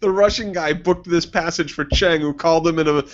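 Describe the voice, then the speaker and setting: A man's voice: on the high side, a little fast. A man co-hosting a casual TV recap, chiming in with sarcastic jokes and asides. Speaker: co-host. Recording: dull lo-fi recording.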